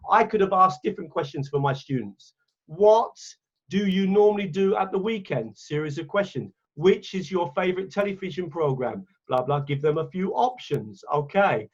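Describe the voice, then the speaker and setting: An English man gives a teacher training webinar over a video call. His voice sits high for a man and sounds a little husky, and the call audio is dull and lo-fi. He chats along and corrects himself as he clicks through his screen. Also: expressive, moderate pace, hardly any pauses. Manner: chatty, self-correcting, talks while clicking around. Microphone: computer mic on a video call.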